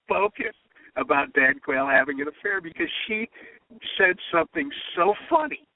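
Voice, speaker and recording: A man who writes political humor tells anecdotes in a storytelling interview, mimicking the people he quotes. His voice is a little high and sing-song at normal speed, and the dry recording has a tinny phone-line sound.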